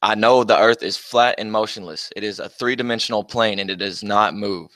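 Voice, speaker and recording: A young livestream host speaks fairly quickly in a fairly low, fairly bright voice, with no room sound. Running a casual stream, he reads chat aloud and exchanges mocking, profane jabs with commenters, laughing often.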